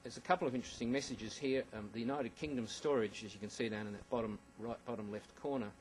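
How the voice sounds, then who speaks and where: A man's voice: medium pitch, fast, darkish tone, slight background noise, rough recording. A man giving a conference presentation about slides, with wry asides and frequent ums and restarts. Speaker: conference speaker.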